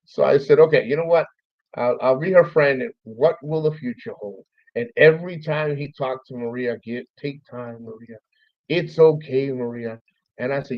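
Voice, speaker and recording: A man's voice: medium pitch, moderate pace, dry recording. Dull lo-fi man remembering a friend. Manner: loose, profane, thanks listeners by name. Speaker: podcast host. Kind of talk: casual memorial monologue. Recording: dull, dry, lo-fi stream audio.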